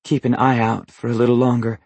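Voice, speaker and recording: A man's voice: mid-range voice, level tone, brisk, gravelly, darkish tone, slightly rough, no room sound. A man voicing a guarded young woman. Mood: wary. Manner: clipped, probing questions. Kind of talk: audiobook character voice.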